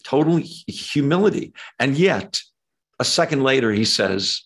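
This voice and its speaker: A man preaching a sermon, animated and emphatic, with conversational asides. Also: on the low side, unhurried, creaky. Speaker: pastor.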